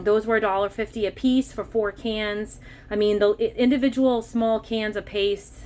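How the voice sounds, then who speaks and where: A middle-aged woman with a Massachusetts accent, chatting casually about a grocery haul and getting excited over bargains. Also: medium pitch, slight background noise. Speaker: vlogger.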